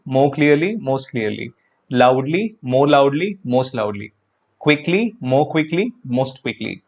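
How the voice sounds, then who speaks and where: Over a muffled recording, a medium-pitched man runs an online English grammar lesson, chatting and repeating himself as he addresses his viewers and responds to what they comment.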